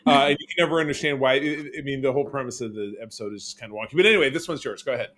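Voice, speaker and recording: A man co-hosting a casual podcast, chatting with lots of fillers and quick mock character voices. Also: medium pitch. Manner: animated, quick impressions of characters, many fillers. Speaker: podcast co-host. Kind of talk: casual chat.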